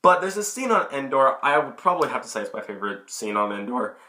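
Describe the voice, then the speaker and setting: Young man, casual vlog review, excitable, bright tone, camera mic. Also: medium pitch, fast. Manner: chatty, excitable, many restarts. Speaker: film reviewer.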